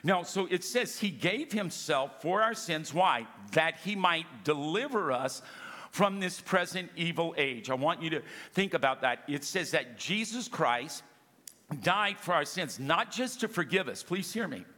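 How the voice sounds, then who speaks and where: In a church sanctuary with the long reverb of a large hall, a male pastor preaches an emphatic sermon, frequently calling on the congregation to answer back. His voice is on the high side, expressive, unhurried, pushed and bright.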